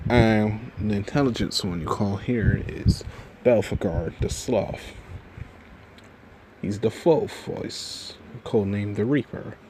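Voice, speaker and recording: Guy doing a gruff wrath demon, offhand and slow, noisy background. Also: lowish voice. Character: male demon of wrath inside a boy. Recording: audible background noise.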